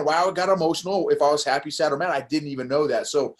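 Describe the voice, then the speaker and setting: An older man talking as a podcast guest in a casual interview, animated and prone to quick restarts, laughing as he tells a story. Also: on the high side. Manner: animated, laughs while telling stories, frequent restarts. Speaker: podcast guest, course creator.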